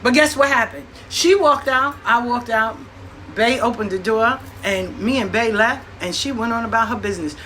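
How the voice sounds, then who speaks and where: A woman tells stories straight to her listeners. She is blunt and profane and acts out what people said. Her voice is bright and set a little high, with a faint hum of room sound behind her. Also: moderate pace. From New York. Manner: blunt, profane, animated with acted-out quotes. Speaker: host. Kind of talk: casual storytelling monologue.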